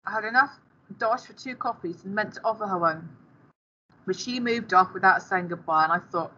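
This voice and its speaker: A woman's voice: mid-range voice, normal speed, bright, forceful tone, slightly rough, lo-fi sound. A woman teacher reading a novel aloud to her class and stopping now and then to speak to the pupils.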